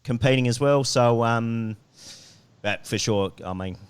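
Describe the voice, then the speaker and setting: A man co-hosting a podcast, talking in a relaxed, enthusiastic way. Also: medium pitch, a little slow, clean tone. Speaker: podcast co-host. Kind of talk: casual chat.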